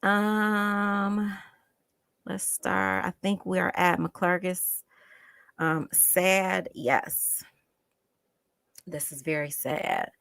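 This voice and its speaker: A woman talking through a live stream in a casual, emphatic way. Her voice sits low but comes out bright and forceful, and she repeats phrases to drive home her frustration. The sound is close and dry. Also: drawn-out words, vocal fry, pauses often, no echo.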